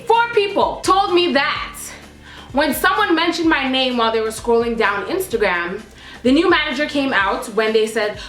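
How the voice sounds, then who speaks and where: Young female vlogger, sassy and profane, bright voice, faint music behind her. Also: high voice. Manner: blunt, sassy, profane ranting. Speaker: YouTuber. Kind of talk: storytime vlog. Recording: echoey room with faint music.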